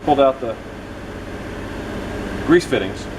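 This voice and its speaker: Walking a kid through a car repair step by step, the middle-aged host narrates in a relaxed workshop style. His mid-range voice is expressive and slow, captured in a noisy home-garage recording.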